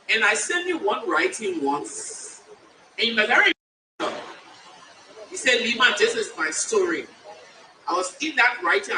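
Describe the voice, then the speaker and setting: A woman in her fifties delivers a keynote testimony in a high, bright voice with wide, lively swings in pitch. She talks slowly and with weight, leaning on pauses for effect. The stage microphone picks her up from a distance in a large, echoing conference hall. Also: slight background noise. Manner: slow, emphatic storytelling with dramatic pauses. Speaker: keynote speaker. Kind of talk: personal testimony speech. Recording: echoey hall from far off.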